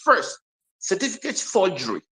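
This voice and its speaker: A lively man with a fairly high voice, speaking on an online discussion panel. He tells his stories with growing excitement and laughs often. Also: moderate pace, rough recording. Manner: animated, excitable storyteller who laughs often.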